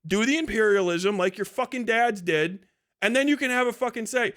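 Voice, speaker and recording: Speaking briskly in a high, slightly bright voice, a male livestream host rants profanely. His manner is aggressive and scornful, with constant cursing and mocking laughs.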